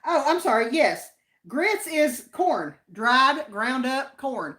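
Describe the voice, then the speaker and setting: A woman's voice: sits high, animated, slow, fairly bright tone. Chatty Appalachian woman, roomy sound. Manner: chatty, homey, folksy. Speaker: livestream co-host. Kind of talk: casual chat reading viewer comments. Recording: roomy echo.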